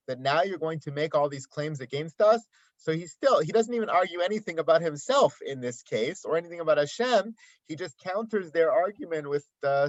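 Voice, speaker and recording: A man's voice: a little high, no room sound. Man teaching a Torah lesson, dry sound. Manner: explains text, asks rhetorical questions, quotes Hebrew. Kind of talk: daily Torah commentary lesson. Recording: dry, slightly dull sound.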